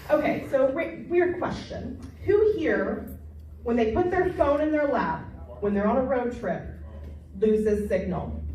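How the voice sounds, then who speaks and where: A woman's voice: fairly high pitch, mellow. A young woman doing a brash, crude stand-up comedy set, chatting with the crowd and mocking herself. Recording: distant mic in a very echoey room.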